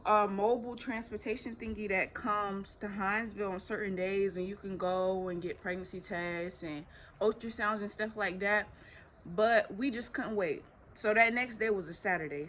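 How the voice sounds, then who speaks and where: Teen vlogger, bright voice, chatty story, faint room hum behind. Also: female voice, mid-range voice. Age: teens. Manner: chatty, animated retelling with acted quotes. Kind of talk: casual storytelling.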